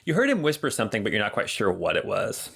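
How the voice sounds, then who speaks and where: A man narrating as game master of a tabletop game, relaxed and rambling with many ums. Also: on the low side, quick pace, gravelly, slightly rough.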